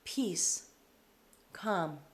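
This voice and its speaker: A woman giving a spiritual tarot reading, speaking slowly and reverently, often overcome with emotion. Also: on the low side, animated. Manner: slow, emotional, reverent, with pauses. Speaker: tarot reader. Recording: roomy echo.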